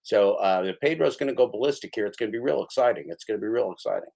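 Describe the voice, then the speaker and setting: A man's voice: fairly low pitch, racing, gravelly, warm tone. A man giving mocking, sarcastic play-by-play commentary over another person's stream.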